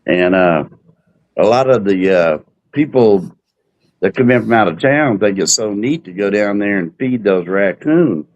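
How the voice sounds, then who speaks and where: A man with a lowish voice, telling stories in easy, casual chat. He talks in a relaxed way, stopping for fillers as he goes. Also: measured pace, lo-fi sound. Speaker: host.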